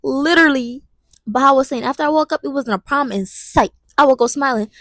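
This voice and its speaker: High-voiced young woman telling a story. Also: fairly quick, no echo, studio quality. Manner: animated, stutters often. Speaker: vlogger. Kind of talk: storytime vlog.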